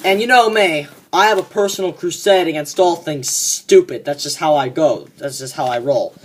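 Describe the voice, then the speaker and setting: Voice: medium pitch, moderate pace, close to an everyday voice. A fan performer voicing a cocky young man who rants smugly and swears a lot about a coworker, in a comedic monologue. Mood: ranting. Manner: ranting, profane and smug.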